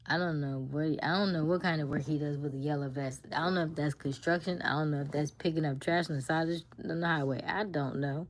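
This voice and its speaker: A woman's voice: deep voice, steady tone, quick pace, hardly any pauses, a little hiss or hum. A young woman hosting a casual livestream, chatting and reacting to viewer messages with teasing asides. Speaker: livestream host. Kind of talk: casual live chat.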